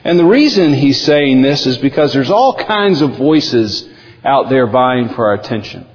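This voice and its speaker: A male pastor preaching a sermon in an emphatic, animated way. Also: medium pitch, measured pace. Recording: dull lo-fi audio with long hall reverb.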